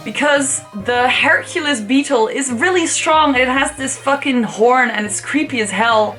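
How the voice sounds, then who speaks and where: A young woman talks through her ratings in a loose, playful vlog voice, full of swearing and jokey asides. Her voice is bright and a little high. Soft music plays faintly behind her. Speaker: YouTuber rating Pokémon. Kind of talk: casual commentary vlog.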